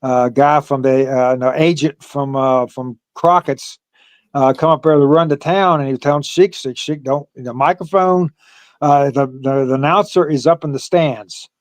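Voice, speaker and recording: An older former pro wrestler telling stories in a casual interview, halting often with fillers and laughing along the way. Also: male voice, medium pitch, dry recording.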